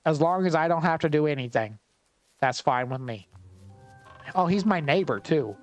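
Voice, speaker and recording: Male gameplay commentator, wry and chatty, thinks aloud, slightly high voice. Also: animated, normal speed, faint music behind.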